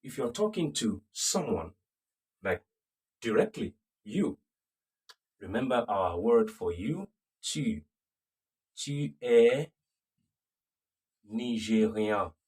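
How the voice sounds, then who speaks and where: Slow, husky Nigerian teacher from a distance. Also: male voice, medium pitch, very animated, darkish tone. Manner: repeats phrases, checks understanding with questions. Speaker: French teacher. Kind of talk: slow classroom lesson. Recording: voice from a distance off the mic.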